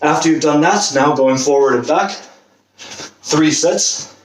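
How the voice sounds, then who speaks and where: A man's voice: on the high side, slow pace. A man coaching a football fitness workout, encouraging and demonstrating the exercises as he talks, out of breath at times. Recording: roomy, distant camera mic, faint noise.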